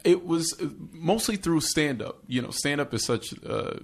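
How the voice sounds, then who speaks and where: A man's voice: fairly high pitch, lively intonation, moderate pace, vocal fry. A man who is a stand-up comedian, chatting as a podcast guest and often restarting his words. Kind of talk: casual podcast chat.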